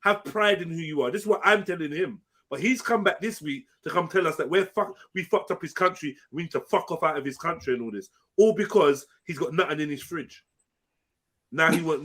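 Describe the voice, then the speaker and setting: A man's voice: fairly high pitch, a bit bright. A man, ranting angrily and swearing on a live panel show. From England. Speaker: panel host. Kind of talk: heated live panel discussion.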